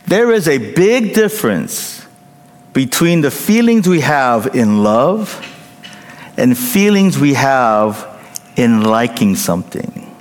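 A man preaching a sermon as pastor, emphatic, rising to loud peaks and dropping to hushed endings, often checking in with the congregation. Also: medium pitch, very animated, takes it slowly. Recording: long hall reverb.

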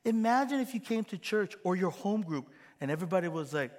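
A middle-aged man preaching a sermon as pastor, animated and acting out quoted voices with gasps. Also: high-pitched, normal speed, big-room sound.

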